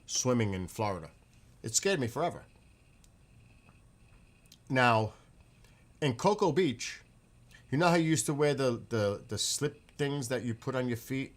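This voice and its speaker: A man's voice: medium pitch, a little slow, pauses often. A middle-aged man from the northeastern US telling rambling, profane stories in a casual monologue. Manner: rambling, profane, animated retelling.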